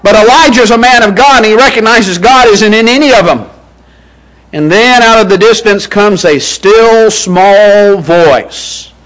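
Male preacher, high-pitched, earnest Sunday-morning sermon delivery. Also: moderate pace, a bit bright, poor audio.

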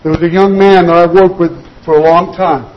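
A man with a notably high-pitched voice delivers an earnest sermon. He presses his points through repetition and sinks slower and softer when he wants them to land. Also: little pitch movement, highs cut off. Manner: earnest exhortation with repeated "you've got to" phrases; slows and drops quieter on key points. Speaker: preacher.

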